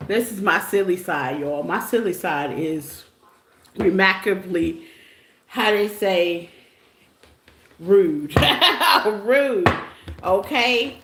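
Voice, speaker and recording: A woman's voice: mid-range voice, lively intonation, drawn-out words, long pauses, fairly bright tone. A woman giving a casual live tarot reading, playful and teasing, laughing often and chatting with her listeners. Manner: chatty, calls listeners y'all and baby. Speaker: tarot reader. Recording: echoey room with background noise.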